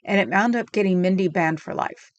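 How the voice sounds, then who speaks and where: A woman's voice: medium pitch, brisk, muffled recording. A middle-aged woman hosting a livestream, chatting casually and sarcastically as she recounts a video and reads comments aloud, with frequent ums. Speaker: livestream host.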